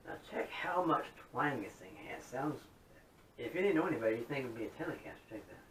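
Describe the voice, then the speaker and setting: A man's voice: big pitch swings, quick pace. A man in a casual, folksy demo talk, chatty and upbeat as he shows off his modified guitar. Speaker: guitar hobbyist showing his modded guitar. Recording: roomy, distant mic with faint rumble.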